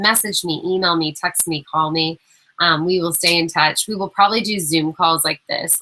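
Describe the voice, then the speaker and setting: A woman's voice: lowish voice, sharp tone, low-quality recording. A young woman coach giving new team members a casual, encouraging welcome talk, chatty and full of fillers.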